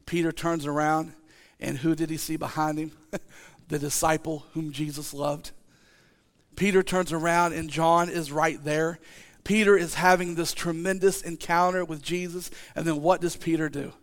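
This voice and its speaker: Male preacher, high voice, animated, emphatic repetition, rhetorical questions, sermon. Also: normal speed. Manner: animated, acting out the disciples' voices, rising to shouts.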